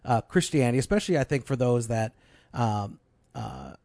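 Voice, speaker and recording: A man in his thirties, a pastor, chatting casually and telling stories with lively quoted voices. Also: medium pitch, normal speed, no room sound. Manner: animated storyteller who acts out quoted voices. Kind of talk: casual podcast chat.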